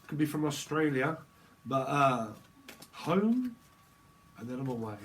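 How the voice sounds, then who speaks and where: A man's voice: medium pitch, very animated, a little slow, a bit bright, a little hiss or hum. A man giving a jokey, rambling tarot reading, drifting between silly asides. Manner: jokey and rambling, slips into silly voices and snatches of song. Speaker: tarot reader.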